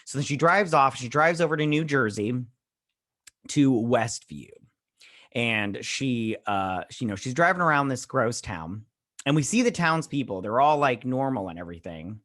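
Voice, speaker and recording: A man's voice: medium pitch, lively intonation, moderate pace, fairly bright tone, dry recording. Guy rambling through an episode recap, lots of uhs, dry close sound. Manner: rambling, filler-heavy retelling with many "uh" and "all like". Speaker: show host.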